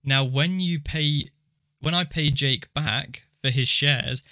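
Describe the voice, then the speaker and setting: A young man co-hosts a casual podcast and patiently walks his friend through an idea. His voice is bright and forward. The sound is dry and close, with no room around it. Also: medium pitch, slow, dry recording. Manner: explains things step by step. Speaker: podcast co-host.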